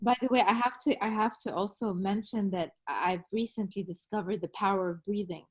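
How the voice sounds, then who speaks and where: A young woman in casual conversation, chatty and lively, retelling events with many "like"s. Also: medium pitch, a little fast, slightly rough. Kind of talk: casual conversation, animated storytelling.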